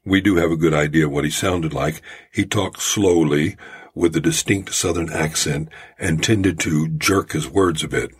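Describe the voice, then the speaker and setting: A man hosting his own storytelling podcast, talking in a measured, folksy way. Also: extremely low pitch, breathy edge. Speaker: podcast host. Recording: home-made podcast audio.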